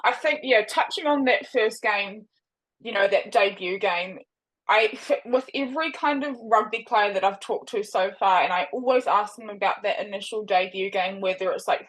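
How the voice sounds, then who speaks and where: A young woman hosts a podcast in an easy, chatty way. She asks rambling questions full of likes and you-knows at a middle pitch, and she laughs often. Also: poor audio. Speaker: podcast host. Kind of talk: casual interview chat.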